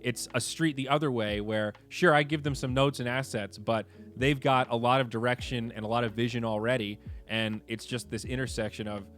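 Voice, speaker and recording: A man hosting a casual livestream chat, animated and swearing, moving between low mutters and excited outbursts. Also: a little fast, few pauses, faint music behind. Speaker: streamer host.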